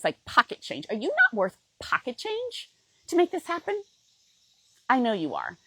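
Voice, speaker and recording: Husky, emotional woman coach. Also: medium pitch, fairly bright tone, dry recording, low-quality recording. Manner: emotional, says "okay?" often. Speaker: fitness program coach. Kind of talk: heartfelt direct-to-camera pitch.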